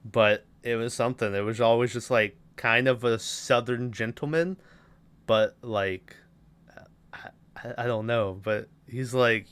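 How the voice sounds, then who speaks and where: Bright, clear-voiced man recapping a movie. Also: medium pitch, fairly even intonation, a little slow. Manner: rambling, swears, acts out movie lines. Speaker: podcast host.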